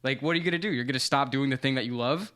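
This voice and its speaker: A man co-hosting a podcast, telling a story in casual chat, animated and swearing freely, acting out what people said. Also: medium pitch, racing. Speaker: podcast co-host.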